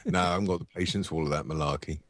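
A man's voice: low-pitched, racing. A man joining a podcast as a guest over a call, joking and teasing in casual banter.

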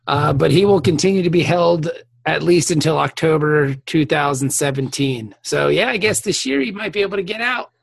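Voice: medium pitch, normal speed, vocal fry, dry recording. A podcast co-host from Ohio chatting casually at home, reading out facts they have just looked up. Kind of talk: casual chat.

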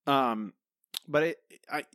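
A man's voice: mid-range voice, takes it slowly, a bit bright, no room sound, studio quality. A man co-hosting a podcast, critiquing an episode in rambling, casual chat full of fillers and restarts. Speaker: podcast co-host.

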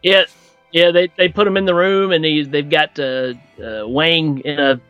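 A man's voice: fairly high pitch, normal speed, clean tone, no echo, dull audio, soft background music. A man co-hosting a podcast, casually discussing film influences with many fillers. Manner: relaxed, hesitant with fillers, knowledgeable about film. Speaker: podcast co-host.

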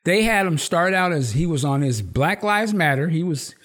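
A man's voice: a little high, normal speed. A man hosting a casual chat, recapping a TV episode with slang and swearing, acting out characters' lines. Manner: animated storyteller who acts out the characters' lines in raised voices. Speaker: podcast host.

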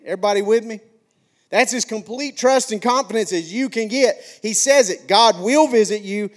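A man's voice: high-pitched, normal speed. A middle-aged man from Alabama with a Southern accent, preaching a sermon with earnest rhetorical questions and emphatic declarations. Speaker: pastor.

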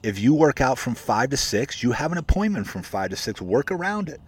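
A man talks casually to his viewers, coaching them toward happiness and discipline. He is emphatic and repeats himself for effect, calling his audience "guys" as he goes. His voice sits at an ordinary, mid-range pitch for a man. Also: sing-song, brisk, husky. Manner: conversational and emphatic, repeats points, says "guys" often; greets viewers by name while talking. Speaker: motivational vlogger and coach for real estate agents. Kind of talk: casual motivational talk to camera.

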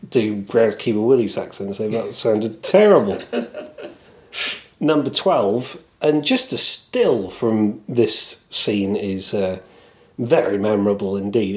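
A man co-hosting a podcast, chatting casually and quoting lines in put-on voices. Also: on the low side. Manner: quotes lines in put-on voices, chuckles at himself. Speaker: podcast co-host. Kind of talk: casual chat and scripted segment.

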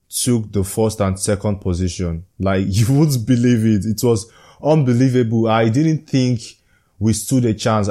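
A man's voice: lowish voice, mellow. A young man earnestly telling a personal story from a leadership program, reflective and often chuckling.

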